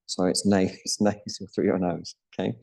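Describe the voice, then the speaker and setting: A middle-aged man teaching a live yoga class, explaining breath and chanting practice in a calm, instructive way, with Sanskrit terms along the way. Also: deep voice, normal speed, gravelly.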